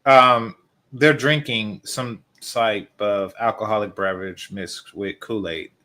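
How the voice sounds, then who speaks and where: A man's voice: fairly low pitch, steady tone, slow pace, sharp tone. A man hosting a reaction video, commenting with open scorn over a clip. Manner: scornful, mocking.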